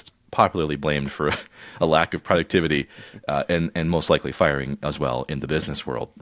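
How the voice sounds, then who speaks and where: A man co-hosting a podcast in casual chat, joking and playful with quick asides. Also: extremely low pitch, no echo, clean studio sound. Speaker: podcast co-host.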